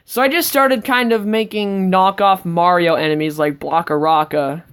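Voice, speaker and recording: A woman with a slightly low-pitched voice gives a casual sketchbook tour. She rambles from one drawing to the next and now and then bursts out with excitement. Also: moderate pace, slight background noise. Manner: rambling, with sudden excited outbursts. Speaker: vlogger.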